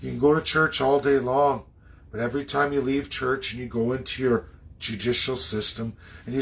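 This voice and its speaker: A man from Canada delivering an impassioned, preachy monologue, swinging between loud outbursts and low muttering. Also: steady tone, normal speed, gravelly. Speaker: political commentator.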